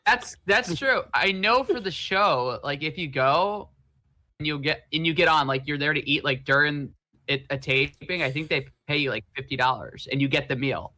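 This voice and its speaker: Bright-voiced man cracking jokes. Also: fairly high pitch, moderate pace. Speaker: podcast co-host. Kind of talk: casual chat.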